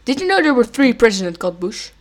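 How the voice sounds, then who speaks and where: A young woman, co-hosting a casual podcast, telling stories in an animated and giggly way. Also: on the high side, quick pace. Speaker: podcast co-host. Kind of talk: casual chat.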